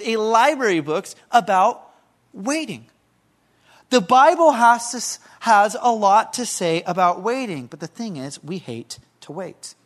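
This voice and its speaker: A man's voice: very high-pitched, fairly bright tone. A man in his thirties, a pastor preaching a sermon in a conversational way, with repeated phrases and questions to the congregation.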